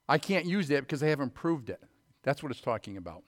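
A middle-aged man preaching a sermon, telling folksy stories before reading scripture in a loud, emphatic voice. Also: medium pitch, big pitch swings, fast. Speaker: pastor.

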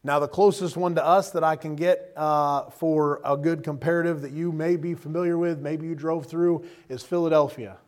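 A man's voice: fairly high pitch, steady tone, moderate pace, hardly any pauses, darkish tone. A middle-aged man preaching a sermon in a conversational, humorous way, often checking in with the listeners. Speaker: pastor.

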